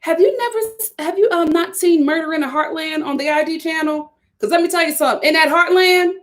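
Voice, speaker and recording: In a very high-pitched, somewhat bright voice at a fairly quick pace, a TV reviewer offers casual, opinionated live commentary on an episode. She laughs often and acts out quotes in voices, keeping things chatty.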